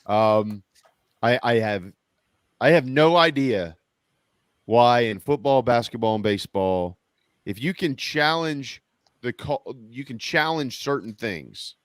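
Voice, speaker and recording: A man, co-hosting a casual sports talk show with animated, incredulous rants. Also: medium pitch, slow, dry recording, clean studio sound.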